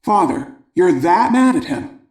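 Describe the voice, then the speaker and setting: Male reader as a lecturing father in an audiobook, mellow tone. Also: sits high, very animated, unhurried, reverberant, far from the mic. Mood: understanding. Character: lecturing father, impatient with his son.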